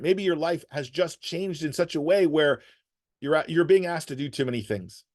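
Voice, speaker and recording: A man giving advice to emergency workers, telling stories and acting out the people in them. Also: fairly high pitch. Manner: animated, acts out quotes in story. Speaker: guest speaker on resilience. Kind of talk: storytelling advice talk.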